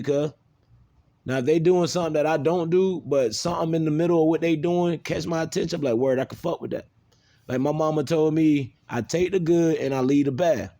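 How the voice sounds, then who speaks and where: A man's voice: on the high side, warm tone. Blunt, profane man. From American South. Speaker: video maker. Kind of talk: unscripted monologue.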